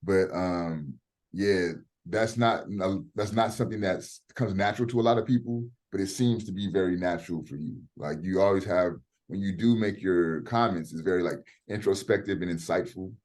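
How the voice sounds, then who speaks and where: A man's voice: low voice, normal speed, a little mellow. A middle-aged man teaching a class over a video call, talking in a casual, direct way and swearing freely. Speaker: professor. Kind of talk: online class lecture.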